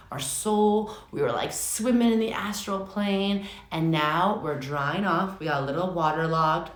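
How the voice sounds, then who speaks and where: A young adult woman giving a casual live tarot reading, chatty and excitable, swearing often. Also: deep voice. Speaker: tarot reader. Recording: echoey room with faint noise.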